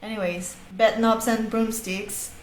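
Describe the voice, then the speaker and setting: A woman's voice: on the high side, steady tone, measured pace, slight background noise. Venezuelan woman chatting in an echoey room. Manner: chatty and emphatic, swearing. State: sore bitten lip. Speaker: vlogger. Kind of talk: casual review vlog.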